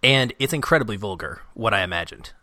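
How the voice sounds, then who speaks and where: A man's voice: on the low side, animated, quick pace, sharp tone, no echo. A man co-hosting a podcast, talking casually and animatedly about a movie he loves, laughing often. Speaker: podcast co-host.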